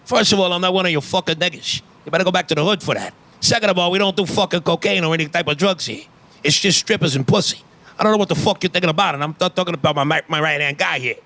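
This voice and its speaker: A man doing an impression of a profane, middle-aged New mob boss, firing off rapid threats. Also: high voice, sharp tone. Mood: threatening.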